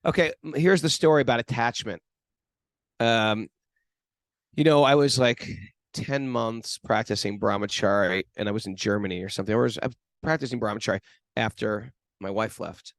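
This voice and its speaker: Gravelly man telling rambling stories. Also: fairly low pitch, moderate pace, dry recording. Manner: rambling, self-deprecating storytelling with laughs. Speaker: podcast co-host. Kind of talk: casual spiritual chat.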